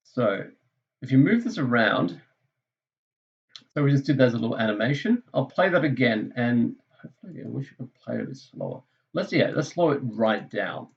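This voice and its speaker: A man's voice: mid-range voice, very animated, normal speed, vocal fry, highs cut off. Casual, self-correcting male maths teacher. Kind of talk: screen-recorded maths lesson.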